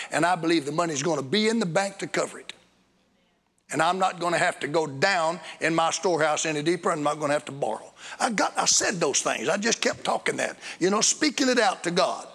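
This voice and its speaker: Gravelly preacher in an echoey hall. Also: male voice, on the high side. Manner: storytelling, rising to excited bursts. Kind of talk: sermon. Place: church hall.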